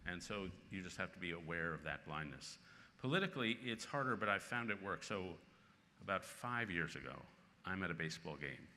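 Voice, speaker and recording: A man's voice: sits low, brisk. A man in his sixties answering audience questions at a conference, telling stories with bursts of laughter. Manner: lively anecdotal storytelling with bursts of laughter. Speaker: featured speaker, columnist. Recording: long reverb in a large hall with faint noise.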